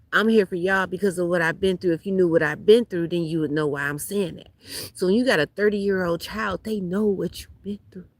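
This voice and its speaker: Blunt, profane woman reading tarot. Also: medium pitch. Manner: blunt, profane, animated talk to viewers. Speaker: tarot reader. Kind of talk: casual livestream tarot reading. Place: outdoors at a beach.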